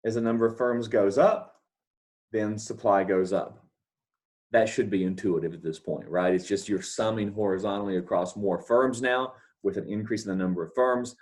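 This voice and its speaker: A man delivers a recorded lecture in a fairly low voice. He walks through each step patiently, repeating key points and pausing to ask if it makes sense. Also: a little mellow. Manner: explains step by step, repeats key points, asks checking questions. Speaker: economics lecturer. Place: talking over scribbled notes, not at a board.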